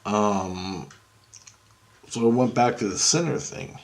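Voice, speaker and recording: A man telling a story in a rambling, excitable way, with lots of swearing and restarts. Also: lowish voice, slow pace. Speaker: vlogger. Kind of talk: casual storytelling.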